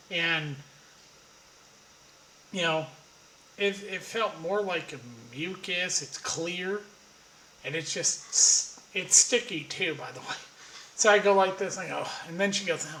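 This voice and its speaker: A man's voice: a little high, bright, forceful tone, echoey room, slight background noise, poor audio. Profane, rambling man telling a story. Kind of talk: casual anecdote storytelling.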